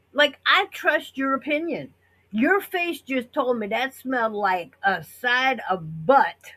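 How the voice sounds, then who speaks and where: Husky-voiced chatty American woman. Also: on the high side, a bit bright, rough recording. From United States. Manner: chatty, rambling, exaggerated quoted reactions. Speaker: vlogger. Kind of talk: casual rambling monologue.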